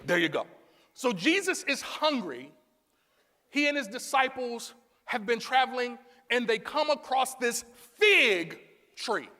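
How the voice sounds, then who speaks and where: High-voiced preacher man in echoey hall. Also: animated, unhurried. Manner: call-and-response preaching, rising to shouts. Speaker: pastor. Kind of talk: sermon. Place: church sanctuary.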